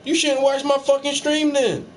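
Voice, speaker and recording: A man's voice: very high voice, little pitch movement, normal speed. A man painting on a livestream, bantering with his chat in a joking, profane, teasing way. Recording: slightly distant mic, faint air-conditioner hum.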